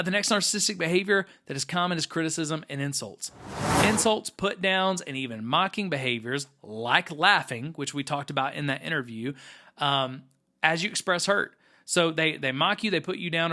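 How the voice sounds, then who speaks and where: Male host, bright, slightly high voice, earnest teaching tone, lots of fillers. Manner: earnest, explanatory, with frequent fillers. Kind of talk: teaching talk to camera.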